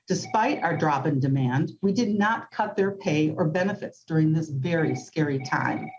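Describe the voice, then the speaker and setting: A woman, a company CEO, giving prepared, earnest testimony to a legislative committee at a measured pace, with occasional ums. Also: sits low, highs cut off.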